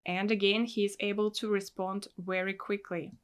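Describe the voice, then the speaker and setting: A woman at a middle pitch gives reaction commentary in English as a native Russian speaker. She explains patiently and fills her sentences with "like" and "actually". Her tone is that of a teacher walking learners through a point. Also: little pitch movement, moderate pace, very noisy. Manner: explanatory, with frequent fillers like "like" and "actually".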